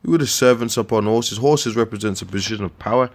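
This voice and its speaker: Guy ranting scripture, low voice, swears a lot, trips over his words. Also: a little hiss or hum. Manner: profane, scornful, swings into loud outbursts; slangy, fast restarts and repeated words. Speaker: street preacher.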